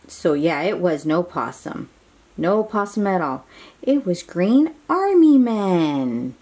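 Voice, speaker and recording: A woman reading a children's picture book aloud, animated and asking her young listeners questions. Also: on the low side, slow pace.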